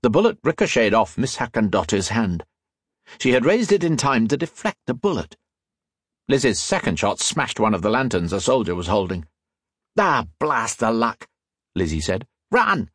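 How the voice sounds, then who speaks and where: A man narrating an adventure audiobook in a dramatic, lively reading style with a slightly husky voice. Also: mid-range voice, normal speed, dry recording, clean studio sound.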